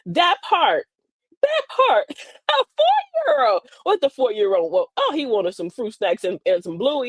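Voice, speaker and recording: An older woman, a grandmother, hosting a livestream and telling sassy, funny stories about parenting in a casual, animated way. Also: mid-range voice, slightly rough, no echo. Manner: animated, sassy storytelling with laughs. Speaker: livestream host. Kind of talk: casual comedic livestream monologue.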